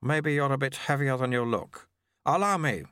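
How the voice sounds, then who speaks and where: A man voicing a brisk, dry-witted male monk who recruits a youth, speaking in a sardonic way. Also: medium pitch, a bit bright, clean tone, no room sound, voice pushed up, close to an everyday voice.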